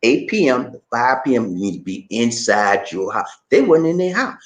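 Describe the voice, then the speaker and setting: Lively Gullah Geechee man chatting with viewers. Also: mid-range voice, moderate pace, echoey room. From Charleston, South Carolina. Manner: animated, laughs often, reads viewer comments. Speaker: vlog host. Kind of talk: casual live-stream chat. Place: home in the Philippines.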